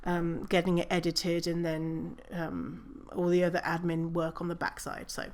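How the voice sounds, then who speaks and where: A woman's voice: on the low side, steady tone, moderate pace, darkish tone. A woman hosting her own podcast, talking casually on her own, swearing and laughing at herself. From British Columbia, Canada. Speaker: podcast host. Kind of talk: casual solo podcast talk.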